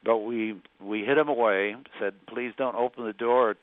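An older man, a former magazine journalist, recalling past stories as an interview guest, speaking haltingly with frequent restarts. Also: mid-range voice, steady tone, no room sound, narrow, tinny audio. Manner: halting, with many restarts and fillers.

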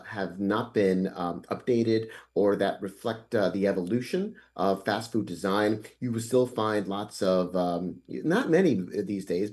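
A man speaking as a guest author on a radio interview, answering thoughtfully in a halting way with many pauses and restarts. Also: lowish voice, darkish tone.

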